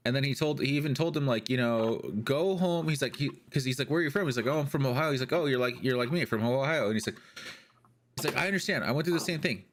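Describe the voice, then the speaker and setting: A man telling a story on a casual podcast. He slips into the voices of the people he quotes as he goes. His pitch sits in the middle of the male range. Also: fast, slight background noise. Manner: animated storyteller, acts out quoted lines. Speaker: podcast co-host. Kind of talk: casual chat.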